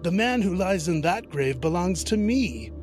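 A man voicing a greedy, threatening male devil in a fairy tale, loud and raised in pitch. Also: lively intonation, measured pace, slight background noise. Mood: menacing.

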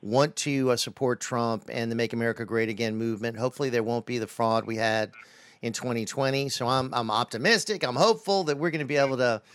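A man hosting a call-in radio talk show, chatty and loose, filling pauses with lots of uhs. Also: mid-range voice, no echo. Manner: loose, filler-heavy, chatty.

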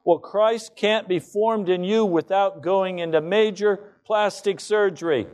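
A man's voice: high-pitched, a little slow, darkish tone. A male pastor delivering a sermon to his congregation, building to fervent declarations. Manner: impassioned preaching, rising to fervent declarations.

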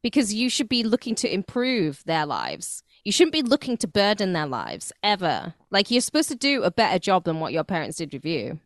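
A woman co-hosting a crude comedy podcast, blunt and quick to laugh. Her pitch swings widely as she talks, and the sound is close and dry. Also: sing-song, dry recording. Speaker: podcast co-host.

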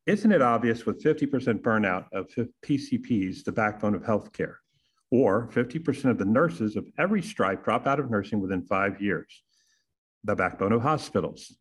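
A man's voice: fairly low pitch, lively intonation, normal speed, slightly rough. A man, hosting a podcast and delivering a sarcastic, punchy opinion monologue full of rhetorical questions. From Texas. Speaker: podcast host.

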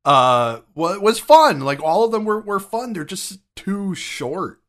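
A man co-hosting a podcast, chatting casually about a film and tossing in quick reactions and commentary. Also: sits high, sing-song, fairly bright tone. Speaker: podcast co-host. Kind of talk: casual film review chat.

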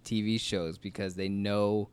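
A man's voice: lowish voice, level tone, unhurried, a little mellow, clean tone. A man co-hosting a casual podcast chat, with wry, teasing banter. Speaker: podcast co-host.

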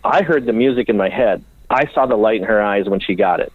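A bike builder from Minnesota telling animated, profane stories in a casual interview. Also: male voice, lowish voice, a little fast, dry recording. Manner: animated, profane, rambling storyteller. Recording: tinny phone-like line.

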